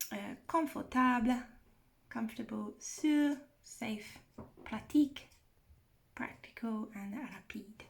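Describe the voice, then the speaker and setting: A woman teacher, slowly walking through vocabulary and repeating each word with care. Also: on the high side, vocal fry. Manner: slow, careful explanation with repeated words. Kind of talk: recorded vocabulary walkthrough.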